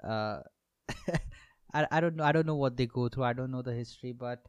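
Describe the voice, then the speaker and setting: A man's voice: medium pitch, fairly quick, smooth, dry recording, highs cut off. A young man hosting a comedy podcast, rambling through a monologue with self-mocking asides and lots of swearing.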